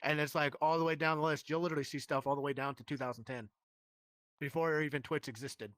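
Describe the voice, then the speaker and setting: A man's voice: a little high, steady tone, fast talker, fairly bright tone, no echo. A man who streams, telling a rambling, heated story in casual live-stream chat with many restarts.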